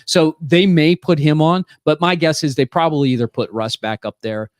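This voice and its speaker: A man's voice: a little high, fairly even intonation, moderate pace, no room sound, studio quality. A man on a casual sports podcast, giving hockey opinions in an offhand, hedging way with fillers.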